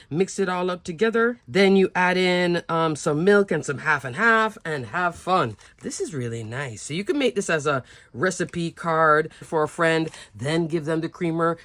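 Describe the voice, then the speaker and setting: A woman with a fairly low voice talks chattily through a craft demo, gushing over every cute piece. She sounds close to the mic in a dry, dead room. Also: fairly bright tone, dry recording. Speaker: craft channel host. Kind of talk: casual product show-and-tell.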